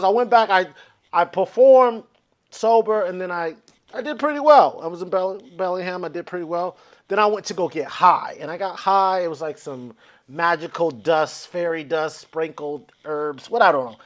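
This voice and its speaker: A man with a high-pitched voice spins a long comic story in a casual chat. He acts out every quote with lively voices and swears freely as he goes. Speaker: comedian guest. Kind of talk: storytelling on a comedy podcast.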